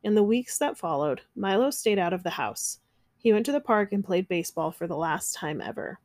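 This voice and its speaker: Lady reading a kids' storybook, gentle, mid pitch, super dry close sound. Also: expressive, fairly quick, dry recording. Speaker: narrator. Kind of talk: children's storybook read-aloud.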